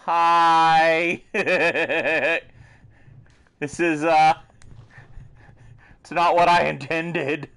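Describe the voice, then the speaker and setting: A man's voice: on the high side, fairly even intonation, extremely slow, creaky, pauses often, fairly bright tone. A man giving goofy, joking commentary while playing a video game, laughing often and slipping into silly voices. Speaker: gaming video host.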